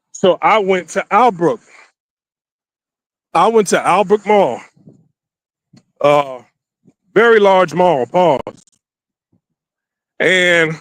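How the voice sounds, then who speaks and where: Walking through a city with his phone camera in hand, a vlogger with a fairly high voice tells a dating story in loose, animated slang, acting out each person's lines. The audio is dry, without room echo.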